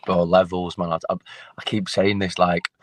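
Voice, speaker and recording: Blunt, sweary fighter. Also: male voice, low-pitched, flat delivery, normal speed, a little hiss or hum. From England. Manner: swearing, blunt, repeats himself. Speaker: MMA fighter guest. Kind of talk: casual interview chat.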